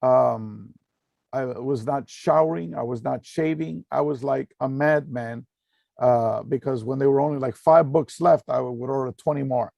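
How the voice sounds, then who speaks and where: A man's voice: medium pitch, unhurried, vocal fry, a little mellow, dry recording, lo-fi sound. Middle-aged man, dry close sound, earnest storyteller with lots of ums. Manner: earnest, full of fillers and repeated phrases. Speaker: speaker giving a talk. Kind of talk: personal storytelling talk.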